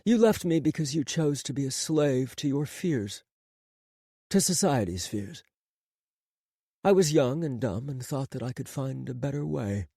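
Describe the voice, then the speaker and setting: A smooth, accentless spy, cool and fatalistic, speaking slowly with quiet certainty, as a male narrator puts him on. Each line lands in a dry, close-miked audiobook sound. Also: mid-range voice, dry recording, heavily acted. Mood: cool, wistful. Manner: calm, fatalistic. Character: cool, seductive man, a former lover turned spy.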